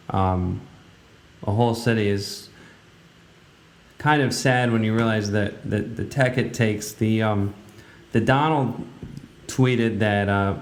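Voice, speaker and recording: A man hosting a radio talk show, giving casual, rambling commentary in a blunt way with many fillers. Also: lowish voice. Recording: roomy, echoey room.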